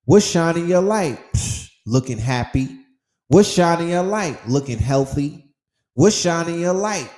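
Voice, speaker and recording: A man's voice: a little high, lively intonation, measured pace, a little mellow, roomy sound. A man hosting a podcast, giving a casual motivational monologue in an emphatic, preachy way, with heavy slang and profanity and phrases repeated for effect. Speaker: podcast host.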